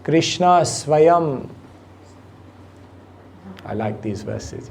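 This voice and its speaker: A man's voice: high-pitched, dark tone, a little hiss or hum. A man giving a devotional class to an audience, speaking unhurriedly and quizzing listeners with questions. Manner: unhurried, asks the audience questions, chuckles easily. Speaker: spiritual teacher. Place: temple hall with audience.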